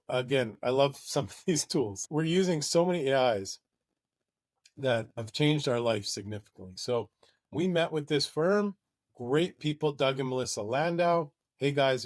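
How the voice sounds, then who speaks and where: A man's voice: medium pitch, no echo, studio quality. A man presenting a marketing webinar, talking in an enthusiastic, conversational way.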